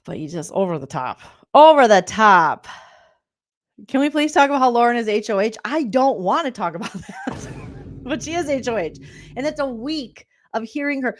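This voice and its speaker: A woman's voice: on the high side, sing-song, normal speed. A woman in her forties, a comedian, doing a sarcastic, exasperated reaction rant with plenty of swearing. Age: 40s.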